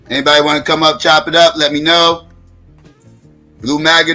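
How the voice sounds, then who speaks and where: A man's voice: a little high, little pitch movement, normal speed, pauses often, sharp tone, soft background music. Blunt, profane livestream host man. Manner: blunt, profane, challenging the audience. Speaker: live stream host. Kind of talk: casual livestream talk.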